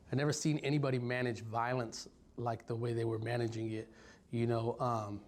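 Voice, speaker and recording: A man in his forties from Stockton, California, telling his life story in an interview, reflective and halting with many pauses and ums. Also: medium pitch, a little mellow. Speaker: violence prevention worker. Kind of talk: personal story told in an interview.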